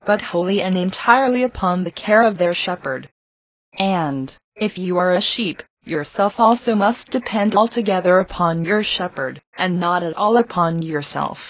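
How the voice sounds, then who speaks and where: A woman reading a devotional address aloud in an earnest, pleading, steady manner. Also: medium pitch, slightly rough, no echo. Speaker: reader of a devotional text. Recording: dull lo-fi dry recording.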